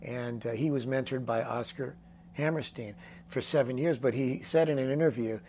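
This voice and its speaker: A man in his sixties, a songwriter guest telling a story in a casual interview, animated and acting out the voices of people he quotes. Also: medium pitch, normal speed, a little hiss or hum. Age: 60s.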